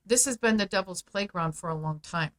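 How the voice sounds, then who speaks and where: Casting: middle-aged woman, podcast guest, mid-pitched voice, forceful and persuasive, presses hard on key points. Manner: emphatic, persuasive, speeds up and slows for stress. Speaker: guest, founder of a parents' advocacy group. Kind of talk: podcast interview.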